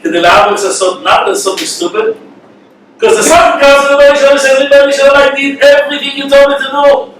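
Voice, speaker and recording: A man's voice: very high voice, a little fast. A man, a rabbi giving a sermon, telling stories and acting out the characters, mixing in Hebrew and Yiddish words. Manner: animated, acts out the characters in his stories, sprinkled with Hebrew and Yiddish. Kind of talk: sermon with storytelling. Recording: echoey room from far off, faint noise.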